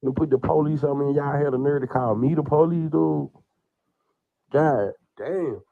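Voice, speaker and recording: A man's voice: on the high side, normal speed, vocal fry, dry recording, narrow, tinny audio. A man, crying and rambling in an emotional, profane livestream rant. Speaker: man under investigation speaking on a livestream.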